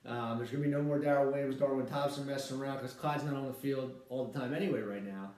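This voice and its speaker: A man chats loosely and cheerfully as a podcast host, stumbling over fillers and restarts. His voice sits at a middling pitch. It sounds strongly echoey, as if the mic stood well away from him in a bare room. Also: fast talker, a little mellow, far from the mic. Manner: rambling, filler-heavy, upbeat. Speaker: podcast host, league commissioner. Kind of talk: casual solo podcast chat.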